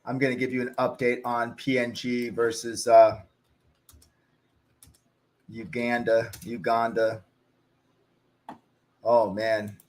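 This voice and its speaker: A man hosting a cricket watch-along in a loose, rambling chat style, often pausing on fillers. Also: mid-range voice, monotone, a little mellow. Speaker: cricket channel host.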